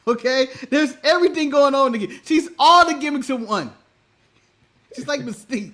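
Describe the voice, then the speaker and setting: A man's voice: extremely high pitch, animated, brisk, a bit bright. An American man co-hosting a casual wrestling review chat, blunt and often laughing as he talks. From United States. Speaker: co-host.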